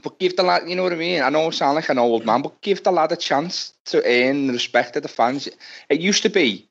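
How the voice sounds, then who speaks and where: A man's voice: a little high, fairly quick, creaky. A man giving blunt, sweary football opinions on a casual podcast, rambling with fillers, on a dull lo-fi recording. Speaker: podcast guest.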